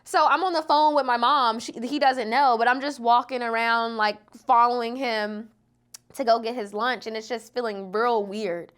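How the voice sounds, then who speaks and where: Young woman, podcast guest, slightly high voice, chatty, lots of fillers. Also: steady tone, moderate pace, fairly bright tone, clean tone. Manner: chatty, many "like" fillers, laughing storyteller. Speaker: guest, content creator. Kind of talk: casual podcast chat.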